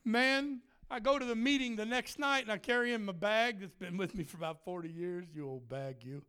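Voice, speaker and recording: Guy with a high voice cracking jokes from the pulpit, laughing, acting out the people in his story. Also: brisk, clean tone. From Germany. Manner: jokey, animated, laughs a lot, acts out voices. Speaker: traveling preacher and worship leader. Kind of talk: humorous sermon storytelling.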